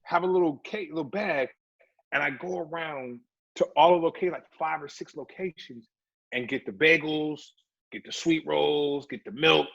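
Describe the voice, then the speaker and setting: Actor guest, male, husky tone, animated storyteller, dull lo-fi interview audio. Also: on the high side, normal speed. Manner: animated storyteller, slips into put-on voices. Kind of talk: casual interview chat. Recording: dull lo-fi recording.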